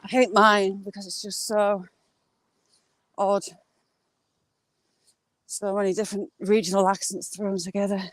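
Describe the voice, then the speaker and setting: A woman's voice: medium pitch, level tone, a little slow, long pauses, no room sound. A middle-aged woman with a mixed Yorkshire, Geordie and Cumbrian accent, chatting casually to viewers on a live-stream while she walks outdoors through rural fields. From northern England. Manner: chatty, rambling, answers viewers' comments. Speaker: vlogger live-streaming a walk.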